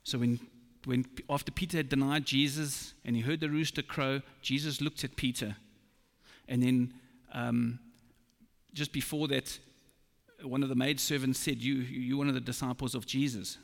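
A man preaches a sermon in a slow, emphatic way, with a gravelly edge to his voice. His words ring out with the long reverb of a large hall. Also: medium pitch, steady tone.

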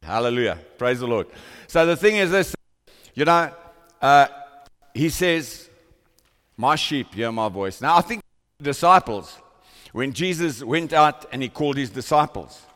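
Fervent preacher in a reverberant hall. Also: male voice, fairly high pitch, animated, measured pace, long pauses, fairly bright tone. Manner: fervent preaching, rising to impassioned cries. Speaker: pastor. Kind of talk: sermon. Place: church hall with congregation. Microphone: microphone on a stand.

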